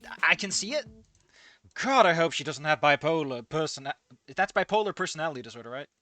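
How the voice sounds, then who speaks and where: Quick-paced and animated, this man's slightly high voice has a bright, forceful tone. He reads fan fiction out loud, breaking off to rant and swear, and stammers as he restarts his sentences.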